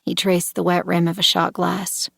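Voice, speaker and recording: A woman narrating a first-person thriller audiobook, measured and tense, turning confrontational in the dialogue. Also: on the low side, little pitch movement, vocal fry, fairly bright tone, breathy edge, dry recording, studio quality.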